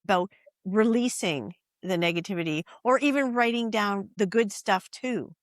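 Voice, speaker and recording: A woman's voice: mid-range voice, normal speed, no echo, studio quality. A woman hosting a podcast who encourages her guest and speaks directly to listeners. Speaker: podcast host. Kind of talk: casual interview talk.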